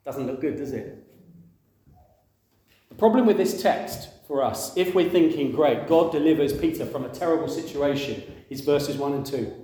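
A man's voice: fairly high pitch, expressive, moderate pace, warm tone. A man preaching a conversational sermon, asking the congregation questions and acting out quoted voices. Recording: very echoey room.

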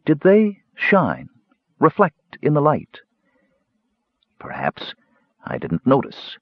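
A man voicing a cool, guarded male mage who speaks in clipped, measured replies in an audiobook. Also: medium pitch, wildly swooping pitch, husky, no room sound, highs cut off, pitched above the performer's own voice, heavily acted.

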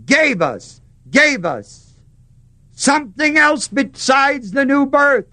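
A man preaching a sermon, stressing words slowly and putting questions to the congregation. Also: very high-pitched, very animated, bright, forceful tone.

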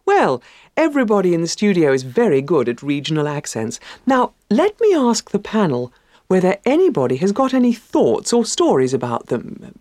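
Encouraging quizmaster with animated pitch. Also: male voice, moderate pace, no room sound, studio quality. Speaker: presenter. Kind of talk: scripted lesson quiz.

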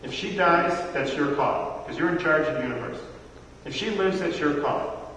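A man's voice: a little high, moderate pace, a bit bright, slight background noise. Middle-aged male preacher, chatty sermon, asks the crowd questions, distant mic in a reverberant hall. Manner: conversational preaching, quizzes the congregation. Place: church hall. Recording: echoey hall from far off.

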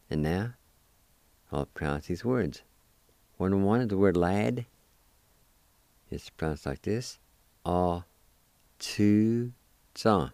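A man with a low, mellow voice leads a radio language lesson. He spells each word out letter by letter and repeats every pronunciation slowly and patiently. The sound is smooth and dry, close to the mic. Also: no room sound. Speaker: radio language teacher and host. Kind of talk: spelling and pronouncing words for learners.

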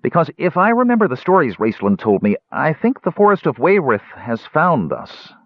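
A small, jittery kender fellow talks in high, halting bursts, put on by a man reading a story. The recording is dry and a little dull. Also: sing-song, no room sound. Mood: anxious.

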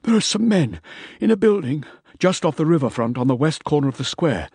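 A man's voice: a little high, very animated, a little fast, a little mellow, breathy edge, dry recording, studio quality, pitched above the performer's own voice, heavily acted. A man voicing an out-of-breath male mercenary soldier giving an urgent report from the field in an audiobook.

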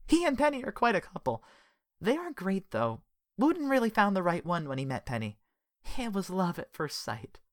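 A woman's voice: mid-range voice, sing-song, normal speed, no room sound, studio quality, voice pushed up, lightly acted. A woman voicing a talkative, sympathetic woman who is an old friend. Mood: teasing. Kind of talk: audiobook character voice.

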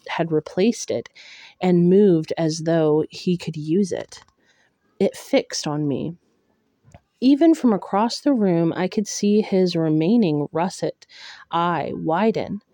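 A woman narrates a first-person novel in a measured, steady reading. Her voice is lowish and mellow, the pace slow, and the sound dry and close with no room. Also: dry recording. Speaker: audiobook reader.

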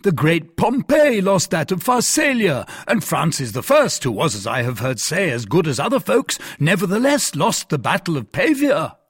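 A man voicing a boastful, excitable musketeer defending himself in a blustering way. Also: on the high side, moderate pace, hardly any pauses, slightly rough, no room sound, studio quality, pitched above the performer's own voice, full character voice.

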